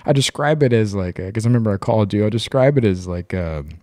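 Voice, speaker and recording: A man's voice: lowish voice, animated, fast talker, dark tone, dry recording, clean studio sound. A man co-hosting a podcast, telling a long personal story in casual chat, rambling and swearing freely. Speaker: podcast co-host.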